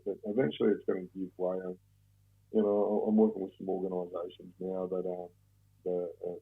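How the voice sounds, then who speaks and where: A man's voice: sits low, slightly rough. A middle-aged man with an Australian accent, telling stories in a casual interview, rambling and swearing freely. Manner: rambling, heavy swearing, blokey. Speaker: podcast guest. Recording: tinny phone line.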